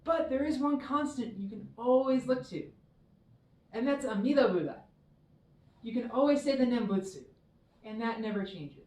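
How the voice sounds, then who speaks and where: Gentle storybook priest played by a woman, reassuring, calm, echoey room far from the mic. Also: on the high side, moderate pace, long pauses, close to an everyday voice. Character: kind, calm Buddhist priest comforting a turtle.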